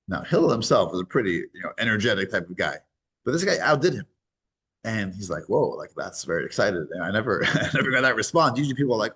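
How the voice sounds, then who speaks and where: A man teaching a weekly class to a small group. He talks in a halting, casual way with many restarts and grows animated when he tells a story. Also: fairly low pitch, breathy edge.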